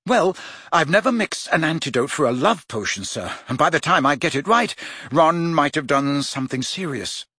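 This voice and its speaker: A man's voice: a little high, expressive, normal speed, sharp tone, husky, dry recording, studio quality, heavily acted. Man voicing an exasperated teenage boy wizard. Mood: urgent.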